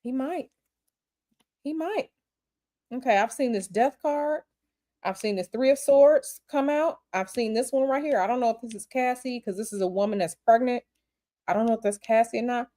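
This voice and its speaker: Blunt, animated woman tarot reader. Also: a little high, moderate pace. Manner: blunt, animated, repeats herself. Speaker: tarot reader answering viewer questions. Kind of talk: casual livestream chat.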